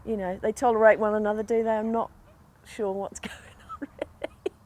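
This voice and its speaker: A woman's voice: medium pitch, flat delivery, fairly quick. A middle-aged English woman farmer talking casually and with feeling about her animals. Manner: chatty, emotional, talks softly to animals. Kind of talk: casual chat on a farm.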